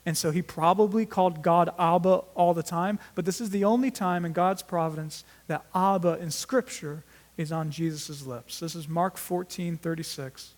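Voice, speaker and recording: A man preaching an earnest sermon, swinging between emphatic rises and quiet drops and often restarting his words. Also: a little high, normal speed. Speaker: pastor.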